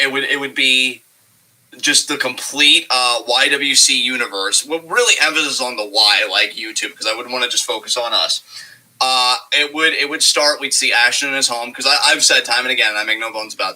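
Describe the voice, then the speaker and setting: A man co-hosting a casual chat show, rambling excitably, laughing often and swearing freely. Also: medium pitch, low-quality recording. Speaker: podcast co-host.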